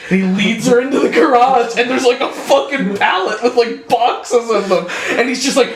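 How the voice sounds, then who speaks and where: A young man with a slightly raised pitch tells a story on a podcast, loose and profane, playing out every line with animated energy. His voice rings in a roomy, echoing space. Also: moderate pace. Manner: animated storytelling, swearing freely. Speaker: podcast co-host. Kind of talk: casual chat.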